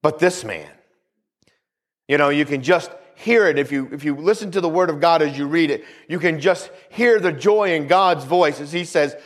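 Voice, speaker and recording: A man's voice: fairly high pitch, normal speed. A male pastor preaching a sermon, repeating phrases for emphasis and calling out for amens.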